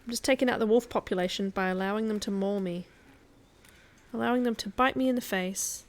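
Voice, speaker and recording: A woman's voice: mid-range voice, a little fast. Chatty woman streaming a survival game. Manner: chatty and laughing often. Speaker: guest streamer. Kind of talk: casual gameplay commentary.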